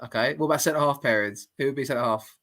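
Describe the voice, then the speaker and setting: A man's voice: medium pitch, fast, fairly bright tone. A man hosting a casual football podcast, blunt and laddish, swearing freely, talking over a remote call. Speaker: podcast host.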